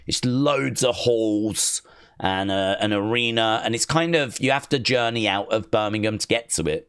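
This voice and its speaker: A man with a fairly low voice hosts a live-stream watch-along. He talks in a loose, rambling way and answers viewer messages as they come in. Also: a bit bright, clean tone. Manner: rambling, chatty, reads out viewer comments. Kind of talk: casual live-stream chat.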